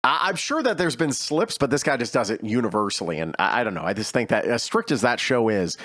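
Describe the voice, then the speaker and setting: A man hosting a casual chat show, talking in an animated, rambling way with frequent restarts. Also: medium pitch, fast, dry recording, studio quality. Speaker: host.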